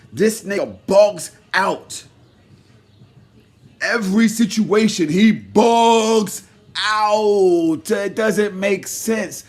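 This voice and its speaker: A high-pitched man rants through his commentary, hot and mocking, full of curses. He jumps from loud shouted bursts to low grumbling asides and back again. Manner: heated, mocking and profane. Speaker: commentary vlogger. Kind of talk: ranting commentary.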